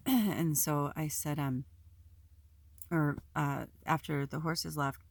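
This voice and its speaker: A woman with a low, deep-set voice talks candidly to her viewers, rambling and emotional, with frequent fillers and the odd swear word. The sound is dry and close, with no room around it. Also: slow, creaky, no echo. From Pacific Northwest United States. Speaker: spiritual video host. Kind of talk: casual personal vlog talk. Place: at home.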